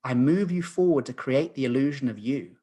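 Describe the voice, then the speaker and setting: A man voicing time personified as a man in a suit, speaking in calm, plain statements. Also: medium pitch, fairly quick, slightly rough, natural voice.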